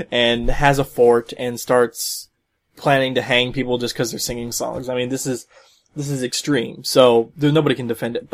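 Rambling male podcast host, mid-pitched. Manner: rambling, many fillers and restarts. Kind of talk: solo podcast commentary.

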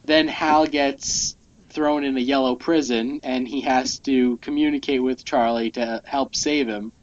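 A man co-hosts a casual comic book podcast, rambling through his points with plenty of fillers. His voice sits in a middle pitch, and the audio is dull and lo-fi. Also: steady tone, measured pace. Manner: rambling, many fillers, reads lines aloud. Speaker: podcast co-host.

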